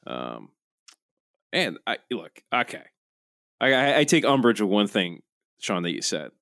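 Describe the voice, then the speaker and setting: Lively-voiced joking podcast host. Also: male voice, fairly low pitch, a little slow, no room sound, clean studio sound. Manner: jokey, rambling. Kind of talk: casual chat.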